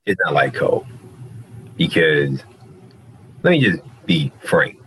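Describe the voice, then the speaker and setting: A man's voice: extremely low pitch, sing-song, slow, a bit bright, a little hiss or hum, rough recording. A man in casual chat, giving a frank opinion on a film to his co-host. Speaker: podcast co-host.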